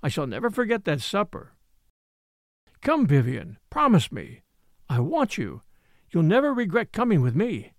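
A man's voice: high-pitched, wildly swooping pitch, moderate pace, gravelly, long pauses, no echo, heavily acted. Male narrator doing an insistent suitor, masterful and ardent; dry close sound. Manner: earnest and pleading, then stern. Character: ardent, masterful man wooing a young woman.

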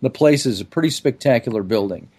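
A man talking as a podcast guest in an easygoing, promotional way. His voice sits at an ordinary middle pitch, and he rambles through lists of names and topics. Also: animated, fast talker, darkish tone, slightly rough. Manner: chatty promotional, piles up lists. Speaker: guest, event organizer. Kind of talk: casual podcast interview.

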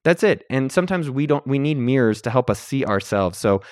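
A man's voice: mid-range voice, lively intonation, brisk, dry recording, studio quality. A man hosting his own podcast, talking in an upbeat, playful, salesy way. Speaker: podcast host. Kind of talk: energetic solo podcast talk.

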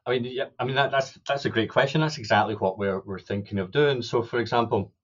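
A man's voice: mid-range voice, fast talker, muffled recording. A man, a sociolinguistics academic, earnestly explaining research findings in an interview, hesitant with many restarts. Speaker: sociolinguistics academic, podcast guest.

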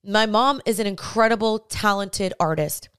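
A woman's voice: mid-range voice, normal speed, a bit bright, clean tone, no echo, studio quality. A young woman hosting a podcast, giving earnest, chatty faith-based advice straight to her listeners. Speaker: podcast host.

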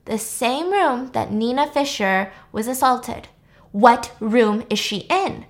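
A woman's voice: fairly high pitch, expressive, slow pace. A woman voicing a sarcastic, menacing young woman. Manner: sarcastic, mocking, quietly menacing. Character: cold, taunting young woman avenger.

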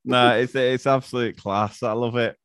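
A man co-hosts a podcast in a friendly, casual chat, often laughing along and offering short replies of agreement. His medium-pitched voice is fairly even in intonation, fairly bright, clear and resonant, at a normal speed. The recording is dry and studio quality.

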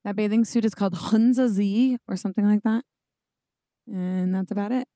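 A woman's voice: medium pitch, fairly even intonation, moderate pace, dark tone, no room sound, clean studio sound. A young adult woman co-hosting a podcast, chatting casually in a playful, giggly and self-mocking way. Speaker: podcast co-host.

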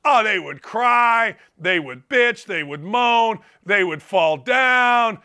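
A man hosting a sports talk show, ranting loudly and emphatically about football. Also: extremely high pitch, very animated, a little slow, few pauses. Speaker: sports talk radio host. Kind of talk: opinionated sports talk monologue.

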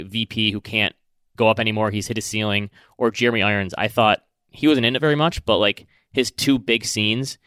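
A man's voice: on the low side, clear, resonant tone, no echo, clean studio sound. A man co-hosting a podcast, chatting casually and animatedly about a movie and acting out lines from it. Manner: animated, chatty, acts out quotes. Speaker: podcast co-host.

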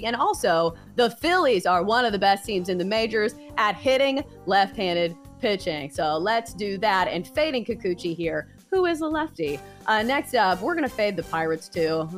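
A woman's voice: mid-range voice, a bit bright. Southern lady chatting baseball bets, voice bounces around a lot, faint music under it. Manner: chatty, breezy, self-teasing. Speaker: sports betting podcast co-host. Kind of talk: casual sports betting chat.

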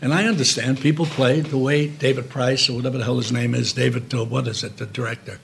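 An older man with a New York accent, telling stories in an interview, animated and swearing freely. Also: medium pitch, quick pace, vocal fry, breathy edge. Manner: animated storyteller, swears freely, acts out quotes. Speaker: guest, actor. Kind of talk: casual storytelling interview. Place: club room.

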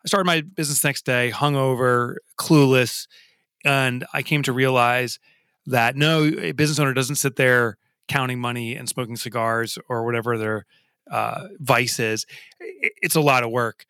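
A man being interviewed as a guest author, telling his story in a lively, self-deprecating way and often repeating words as he starts sentences. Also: mid-range voice, normal speed, smooth, dry recording. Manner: animated and self-deprecating, with frequent stammered repeats.

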